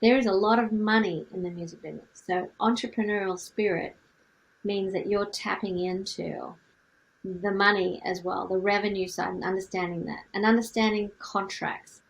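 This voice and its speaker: A woman's voice: medium pitch, gravelly, poor audio. A middle-aged woman from Australia with a light Australian accent, coaching music artists on business and asking lots of rhetorical questions. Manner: energetic, asks many rhetorical questions. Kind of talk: teaching to camera.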